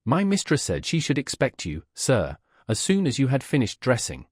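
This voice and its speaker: Man doing a dutiful valet, polite little replies, lively pitch. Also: normal speed, slightly rough, no room sound, studio quality. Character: deferential male valet. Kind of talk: audiobook character reading.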